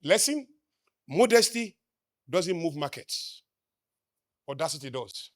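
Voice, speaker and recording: A man with a Nigerian accent giving a live motivational talk, emphatic, firing rhetorical questions at the crowd and swinging between loud declarations and quiet asides. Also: a little high, big pitch swings, slow pace, dry recording, clean studio sound. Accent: Nigerian English. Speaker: motivational speaker. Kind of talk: live stage talk to an audience.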